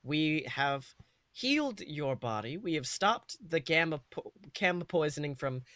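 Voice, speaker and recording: A composed alien envoy lays out terms in slow, formal, deliberate phrases, as a man voices it. The voice is bright and forceful, with a dry, close sound. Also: on the high side, big pitch swings, dry recording, full character voice. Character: calm, measured alien envoy.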